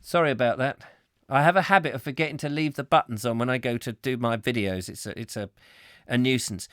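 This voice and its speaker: A man's voice: mid-range voice, brisk, a bit bright, dry recording, clean studio sound. A man hosting a comic live chat show, reading out viewer comments and rambling jokily with rhetorical questions. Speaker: host.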